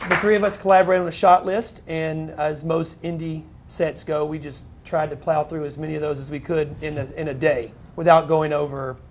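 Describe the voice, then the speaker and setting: A man co-directing a web series, talking on a live panel with quick joking asides. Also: a little high, steady tone, noisy background. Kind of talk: casual panel talk.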